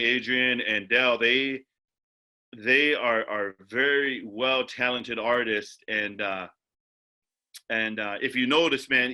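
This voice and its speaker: A man moderating a video-call webinar in a relaxed, rambling way, full of fillers and repeated words. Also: mid-range voice. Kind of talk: casual moderating with many fillers.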